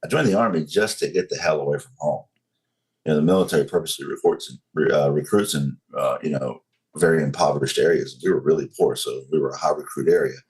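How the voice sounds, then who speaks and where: A man in his forties from North Carolina with a Southern accent, telling his story as a podcast guest in a slow, controlled way. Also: very deep voice, a little mellow. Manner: slow, controlled, deliberate delivery.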